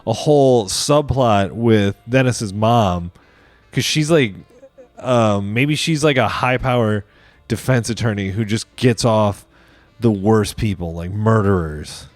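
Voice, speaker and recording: A man riffs alone on a comedy podcast, improvising a wild movie plot and swearing freely as he goes. His voice sits a bit low. The sound is dry and close, with faint music behind him. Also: slow pace, no echo. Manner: rambling, profane, improvising a plot aloud. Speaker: podcast host. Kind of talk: casual comedic riffing.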